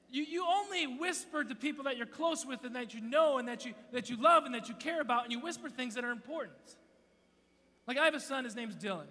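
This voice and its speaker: A man in his thirties preaches with a bright, high voice, playful and quick to drop to a hush. His words ring out in a big hall with a long reverb and a faint hum underneath. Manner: playful, swings between loud and hushed. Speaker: youth speaker. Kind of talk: sermon. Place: church auditorium.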